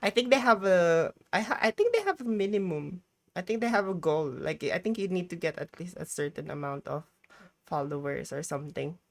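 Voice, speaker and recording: A woman's voice: fairly low pitch, lively intonation, fairly quick. A woman streamer chatting casually on a live stream, rambling and exclaiming as she talks.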